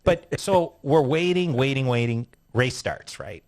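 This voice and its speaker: Profane, animated male storyteller. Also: mid-range voice, a little slow. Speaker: interview guest, retired sports car driver. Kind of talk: casual storytelling interview.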